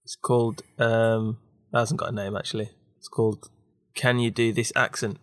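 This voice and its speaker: A man's voice: on the low side, little pitch movement, moderate pace, no room sound, studio quality. A young man hosting a casual podcast, sardonic and sweary. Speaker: podcast host. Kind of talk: casual chat.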